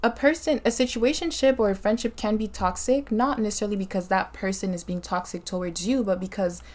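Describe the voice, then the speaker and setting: A woman's voice: mid-range voice, a little fast, darkish tone. A woman hosting a podcast, offering reflective, faith-minded advice and often checking in with "right?". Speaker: podcast host. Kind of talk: casual conversation.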